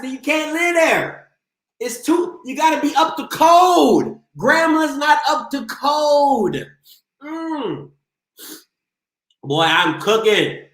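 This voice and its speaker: A man's voice: very high voice, fairly bright tone, echoey room, rough recording. A man hosting a live call-in sports show, trash-talking playfully and boasting as he goes.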